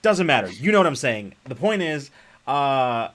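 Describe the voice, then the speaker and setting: A man's voice: mid-range voice, big pitch swings, normal speed, fairly bright tone. A man co-hosting a live stream, chatting casually and rambling with lots of fillers and laughs. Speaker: podcast co-host.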